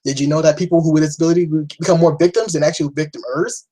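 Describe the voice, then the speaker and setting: A young man talks straight to camera in a loose, rambling rant, blunt and full of swearing and false starts. His voice is husky and sits somewhat high. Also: steady tone, fast, mellow, rough recording. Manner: rambling, blunt, swears often, frequent restarts. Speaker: vlogger. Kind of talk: casual opinion rant.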